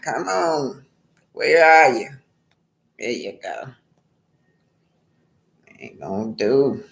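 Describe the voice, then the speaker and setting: A woman's voice: a bass voice, sing-song, gravelly. A woman talking casually on her own live stream, repeating her points for emphasis and laughing often. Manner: warm greetings, emphatic repetition, slow drawn-out phrasing. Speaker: vlogger.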